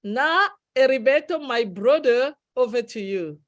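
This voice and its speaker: A woman's voice: sits high, animated, unhurried. A woman co-hosting an online webinar, calling speakers up with polite, formal phrasing. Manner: polite, formal greetings, slightly nonstandard grammar. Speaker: webinar co-host. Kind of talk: moderating an online panel.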